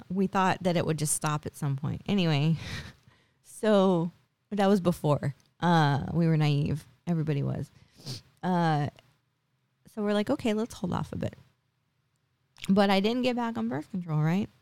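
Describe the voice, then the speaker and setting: Gravelly-voiced woman in her forties, chatty. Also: fairly low pitch, a little slow, a little mellow, no echo. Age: 40s. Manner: chatty, leans on tag questions and fillers. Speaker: podcast host. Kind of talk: casual personal storytelling.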